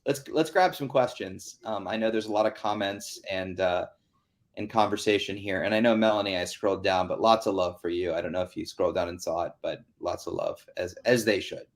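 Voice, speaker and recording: A man's voice: low voice, brisk. A man hosting an online town hall, talking in an earnest, chatty way with many fillers over a video call. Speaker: host.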